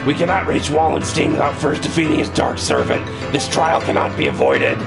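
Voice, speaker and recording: A melodramatic young bird figure delivers cryptic doom in solemn, overblown tones, as a man puts him on. The voice carries a gravelly rasp and swings widely in pitch. Game music plays clearly underneath. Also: wildly swooping pitch, fairly quick, exaggerated voice. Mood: ominous. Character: theatrical young male bird, grandiose and cryptic. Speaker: game streamer voicing a character.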